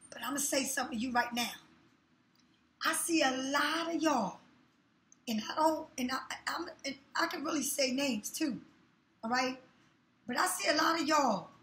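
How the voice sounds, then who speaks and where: A woman's voice: sits high, bright, forceful tone. A woman giving a tarot reading in a casual monologue, talking bluntly and scolding her viewers with plenty of swearing. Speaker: tarot reader. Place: room in her new home. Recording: echoey room.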